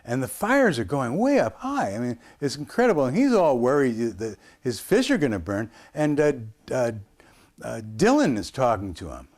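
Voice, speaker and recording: A man's voice: medium pitch, wildly swooping pitch, normal speed, a little mellow. A man in his sixties from the United States, telling a rambling story as an interview guest, with frequent hesitations and restarts.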